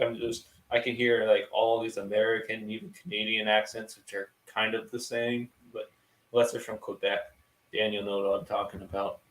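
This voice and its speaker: A man's voice: fairly low pitch, fairly bright tone. A young man from the US East Coast hosting a podcast, chatting casually and saying "like" a lot. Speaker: podcast host. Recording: roomy echo.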